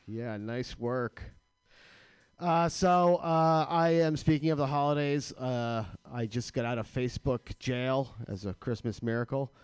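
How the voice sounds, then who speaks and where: A man's voice: mid-range voice, a little slow, darkish tone, clean tone, no room sound. Brash, sarcastic man with crude jokes. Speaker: radio show host. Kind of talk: comedic radio rant.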